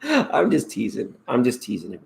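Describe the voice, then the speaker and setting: A man's voice: mid-range voice, huge pitch swings, moderate pace, creaky, a little hiss or hum. A man hosting a live tarot stream, chatting casually and rambling playfully, often laughing.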